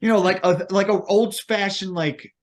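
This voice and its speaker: A man's voice: high voice, steady tone, normal speed. A man co-hosting a podcast in casual chat, rambling and hesitant, filling gaps with "like". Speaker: podcast co-host.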